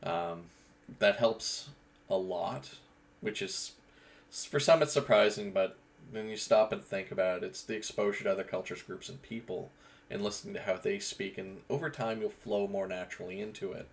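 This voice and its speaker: A man's voice: fairly low pitch, normal speed. A man from Eastern Canada, hosting a casual, rambling monologue about role-play voices. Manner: rambling, with frequent restarts and fillers. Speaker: gaming channel host.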